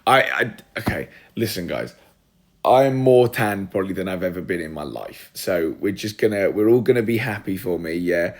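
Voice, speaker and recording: A man hosting a casual livestream from a room at home, chatty and scattered, joking at his own expense while he sorts things out. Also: deep voice. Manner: scattered, chatty, self-deprecating, talks while multitasking. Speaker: podcast host on a livestream.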